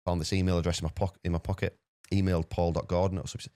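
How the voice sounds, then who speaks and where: A man's voice: low-pitched, smooth, no room sound. A man from the UK, a podcast guest telling a story in a casual way, with many repeated words. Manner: rapid, animated anecdote-telling with repeated words.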